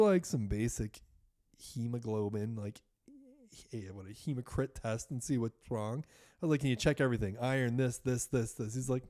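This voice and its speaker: A man guesting on a podcast tells a story in a loose, casual way. He talks at an ordinary middle pitch, peppers his speech with fillers and the odd curse, and keeps the telling animated. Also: a little fast. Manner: animated, many fillers, swears.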